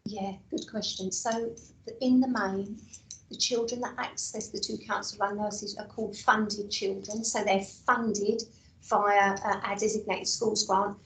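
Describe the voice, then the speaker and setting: Woman, hoarse, council officer, hesitant fillers, distant mic, echoey room. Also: mid-range voice, steady tone, measured pace, slight background noise. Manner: hesitant, repeats words, many fillers. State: losing her voice, coughing. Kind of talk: explaining at a committee meeting.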